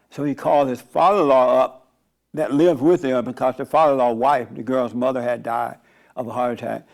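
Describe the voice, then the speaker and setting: A man's voice: mid-range voice, a little mellow. A man, a pastor and radio host, giving a casual, conversational online sermon in a rambling storytelling way. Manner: rambling, storytelling, frequent restarts.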